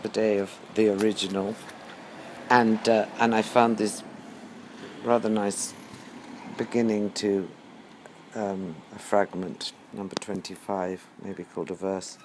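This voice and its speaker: A middle-aged man musing aloud in a slow, hesitant monologue with many pauses and ums. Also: on the low side, level tone, a little mellow, slight background noise. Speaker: teacher. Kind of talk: reflective spoken monologue.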